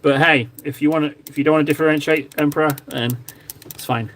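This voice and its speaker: A man's voice: fairly high pitch, steady tone, fast, fairly bright tone, a little hiss or hum. Jokey man chatting on stream. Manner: chatty, jokey, mock-grovelling. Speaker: live streamer. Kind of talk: casual chat while painting miniatures. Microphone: phone camera.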